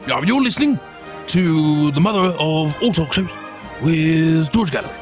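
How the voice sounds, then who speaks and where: A bumbling, blustery British prime minister, as a man puts him on for a comedy sketch, with a British accent. The voice sits high and swoops wildly up and down. Faint music plays behind him. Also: expressive, normal speed, lightly acted. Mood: blustering. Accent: British English. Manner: blustery, bumbling, jumping between loud and hushed.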